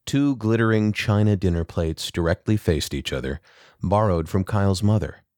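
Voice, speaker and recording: A man narrating a short story in a measured, even delivery. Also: lowish voice, no echo, studio quality.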